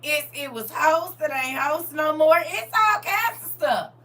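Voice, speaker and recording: High, bright-voiced woman livestream host. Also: unhurried. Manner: animated, laughs often, talks straight to viewers; colloquial, with church-style encouragement. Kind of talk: casual livestream chat, reading viewer comments aloud.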